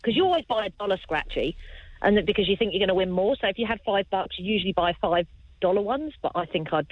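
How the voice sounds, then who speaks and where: A woman co-hosting a radio show, chatting lively. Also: medium pitch, fast, dry recording, muffled recording. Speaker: radio co-host. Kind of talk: casual radio banter.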